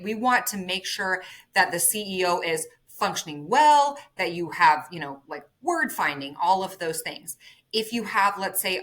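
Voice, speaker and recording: Woman, bright voice, animated explainer, interview guest, frequent "right?" check-ins. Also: mid-range voice. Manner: animated, explains with everyday analogies, says "right?" often. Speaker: neurofeedback clinic executive, guest. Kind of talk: conversational interview.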